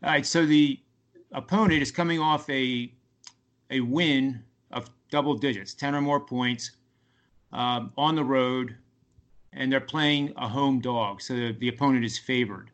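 A man talking as a guest sports betting analyst on a radio podcast, with lots of fillers and restarts. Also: mid-range voice. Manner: halting, many fillers and restarts. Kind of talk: casual radio talk.

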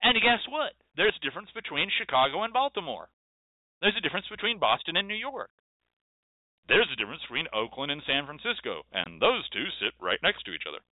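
A male host delivers an emphatic lecture and drives his points home with repetition. His voice sits a little high. The sound is narrow and tinny, like a phone line, and completely dry. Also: big pitch swings, brisk, no room sound. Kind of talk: lecture-style monologue.

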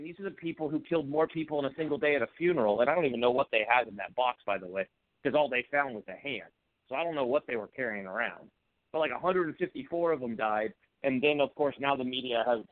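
A man calling in to a talk show, speaking in a heated, fired-up way with a voice that turns a little hoarse. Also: medium pitch, no room sound. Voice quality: voice turning hoarse. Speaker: call-in guest. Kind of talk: political call-in rant. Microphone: phone call. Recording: tinny phone line.

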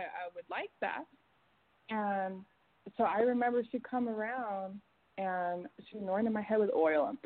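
A woman caller giving an earnest, emotional religious testimony, with halting restarts. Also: mid-range voice. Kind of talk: religious testimony on a phone prayer line. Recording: tinny phone line.

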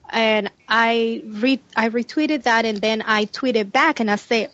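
A woman with a high voice tells an animated story in casual podcast chat, laughing often as she talks. The sound is dry and close, with a dull, lo-fi tone. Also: a little slow, hardly any pauses, no echo. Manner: animated, laughs often while telling stories. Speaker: podcast co-host.

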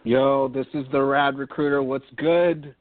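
A man from Pennsylvania calling in to a talk show, chatting in a relaxed, halting way. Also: mid-range voice, background noise. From Pennsylvania, USA. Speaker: caller. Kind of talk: casual phone call. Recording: dry tinny phone line.

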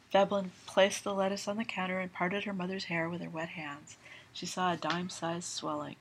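A woman reading a novel aloud, with steady, even narration. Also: on the low side, normal speed, slight background noise. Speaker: reader.

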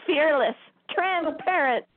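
A woman's voice: sits high, slight background noise. A woman hosting a spiritual talk show, telling a story in a casual way and laughing often as she talks. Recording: tinny phone-line sound.

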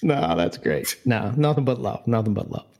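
A man's voice: fairly low pitch, very animated, normal speed, darkish tone. A man hosting a podcast in casual chat, teasing his co-host and laughing as he tells stories.

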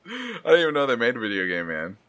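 A man's voice: mid-range voice, fast talker. A man in his thirties hosting a podcast, chatting casually, swearing often and laughing as he tells stories. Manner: swearing, laughing, animated storyteller. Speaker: podcast host. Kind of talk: casual chat.

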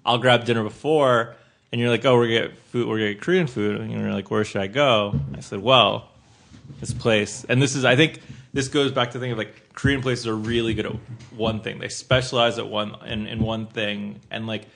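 A man's voice: fairly low pitch, fairly even intonation, gravelly, fairly bright tone. Laid-back man chatting about food. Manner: laughs often, quick and self-deprecating. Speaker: podcast guest. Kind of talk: casual chat.

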